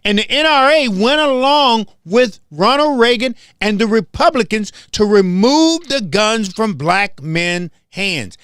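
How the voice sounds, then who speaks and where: A high-voiced man from Memphis hosts his own show, talking in a heated, confrontational monologue. His pitch swings widely as he repeats his points for emphasis. The sound is dry and close. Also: expressive, measured pace, few pauses, fairly bright tone, smooth, dry recording. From Memphis, southern US. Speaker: host.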